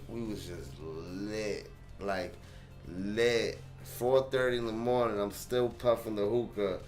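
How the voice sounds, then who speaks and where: A young man talks to his vlog viewers in a low-pitched voice. His storytelling is animated and full of slang, and he acts out his own reactions. Faint music plays behind him. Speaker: channel host.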